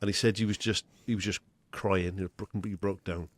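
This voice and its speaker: A man's voice: deep voice, fairly even intonation, fairly quick. A man hosting a podcast in casual chat, teasing his guest and laughing often. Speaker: podcast host. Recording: faint background noise.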